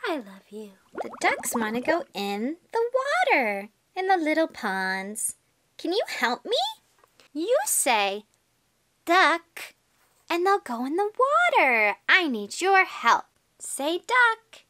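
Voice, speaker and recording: A woman teaching toddlers in a slow, exaggerated sing-song voice, full of gasps, repeated words and encouragement. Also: high voice, very animated, bright, forceful tone. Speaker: children's teacher and host.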